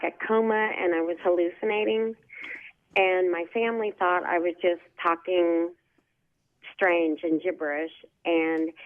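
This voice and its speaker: Lower-voiced woman calling in, telling her story all earnest, phone line sound. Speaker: caller. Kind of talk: phone call to radio show. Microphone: telephone.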